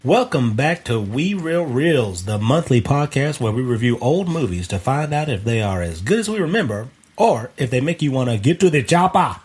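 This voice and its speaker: A man's voice: mid-range voice, big pitch swings, moderate pace, hardly any pauses, darkish tone. A man hosting a movie podcast, reading the intro and chatting loosely. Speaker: podcast host. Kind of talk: scripted show intro and casual chat.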